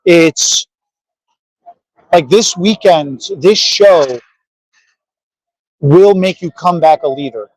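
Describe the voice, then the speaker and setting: A man with a high voice co-hosts a podcast in lively, teasing banter. He sounds worn out but keeps the energy up. The recording is close and dry. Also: slow pace, pauses often, no room sound, low-quality recording. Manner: animated, teasing, says they are exhausted. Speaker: podcast co-host. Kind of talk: casual banter. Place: trade show floor.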